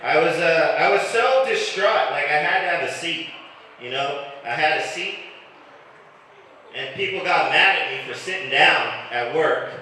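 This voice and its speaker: A man doing a live stand-up set in a comedy club, crude and deadpan, chatting with the crowd. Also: on the high side, moderate pace. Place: comedy club stage, heard from afar. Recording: echoey room recorded from a distance. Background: audience noise.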